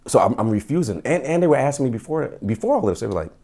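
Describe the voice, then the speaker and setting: A middle-aged man, a former police officer, telling his story as a podcast guest in casual, animated talk, acting out quotes with stammering restarts. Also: medium pitch, very fast.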